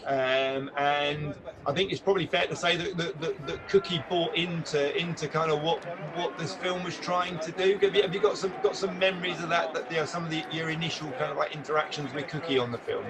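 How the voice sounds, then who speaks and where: A male executive producer guiding a live Q&A with careful, reflective remarks. He hedges his points and poses questions to his co-director. His voice is a little higher than most men's. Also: fairly even intonation, crowd noise. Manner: measured, hedging with "I think". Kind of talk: live Q&A conversation.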